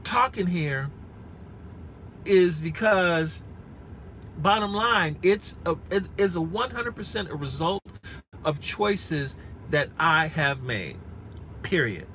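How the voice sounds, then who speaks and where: A man's voice: a little high, expressive, takes it slowly, long pauses, sharp tone, slight background noise, low-quality recording. A man in his forties chatting frankly and earnestly with live-stream viewers from inside a rented SUV, repeating himself and restarting often. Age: 40s. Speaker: rideshare driver vlogger.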